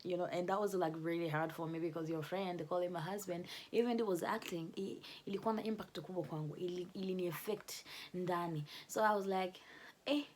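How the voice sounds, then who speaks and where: A young woman telling a personal story to camera in a casual, animated way, often laughing. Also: lowish voice, a little fast, slight background noise. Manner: animated, laughing, switches between English and Swahili. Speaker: vlogger telling her love story.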